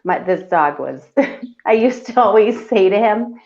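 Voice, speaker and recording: A woman co-hosting a casual talk show in a chatty, easygoing way. Her voice is mid-pitched and sounds a little dull and lo-fi. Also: animated, a little slow, darkish tone, slight background noise. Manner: chatty, laughs between lines. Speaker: co-host. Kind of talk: casual radio chat.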